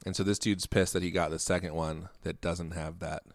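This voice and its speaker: A man's voice: sits low, little pitch movement, fairly quick, no echo. A man co-hosting a podcast, musing and riffing playfully about guitar gear. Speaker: podcast co-host. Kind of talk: casual podcast banter.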